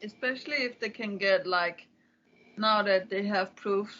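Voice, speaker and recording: A woman's voice: mid-range voice, measured pace, pushed and bright. Tentative woman on a lo-fi podcast line. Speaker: podcast guest. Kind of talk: casual discussion podcast.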